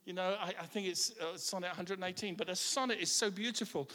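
A man's voice: high voice, fast talker, pushed and bright. A man preaching a sermon with passion, often repeating his words as he starts a line. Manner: impassioned, repeats words when starting lines. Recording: echoey hall.

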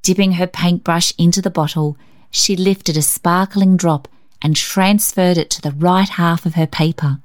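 Brief: woman reader, lowish voice, gentle and expressive storybook narration.

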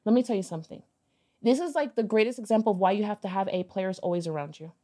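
A woman guest on a podcast, telling a personal story in a casual, animated way, acting out bits of dialogue and swearing now and then. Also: mid-range voice, quick pace. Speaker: podcast guest, business owner.

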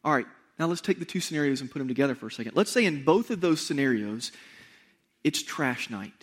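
A male pastor delivers a conversational sermon straight to his congregation, using rhetorical questions and emphatic repetition. His mid-range voice is fast, a bit bright, and lively in intonation.

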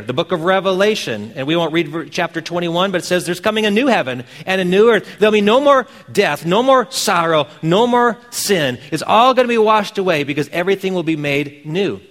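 A man's voice: high-pitched, in a large hall. A man preaching a sermon as pastor, earnest, pressing his points with emphatic questions.

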